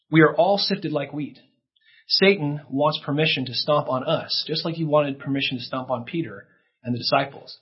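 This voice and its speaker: A man's voice: on the high side, slightly rough, muffled recording. A man preaching a sermon in an earnest way, his voice rising for emphasis, with a few restarts. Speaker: pastor.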